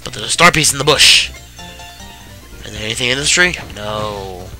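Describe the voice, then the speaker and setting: A man's voice: on the low side, moderate pace. Sarcastic young man narrating gameplay. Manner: sarcastic, swears freely, tired deadpan. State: tired. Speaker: let's play commentator. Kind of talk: casual gameplay commentary. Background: game music.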